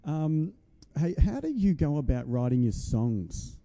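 A man's voice: on the high side, very animated, a little slow, mellow. A man hosting a casual chat, easygoing and full of fillers as he swaps gig stories. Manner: easygoing, many fillers, affirms with "yeah". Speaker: podcast host and musician.

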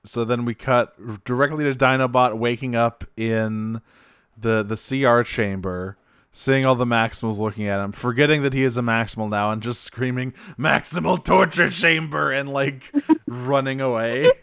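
Man, podcast co-host, casual recap, smooth resonant voice, dry sound. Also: medium pitch, steady tone, moderate pace, fairly bright tone, no echo. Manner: swears freely, laughs often.

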